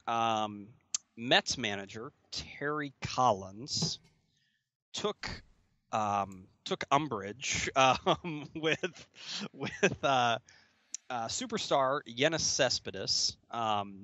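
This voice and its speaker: A man's voice: medium pitch, bright, forceful tone, dry recording, dull audio. A man hosting a podcast in casual chat, rambling and laughing often. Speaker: podcast host.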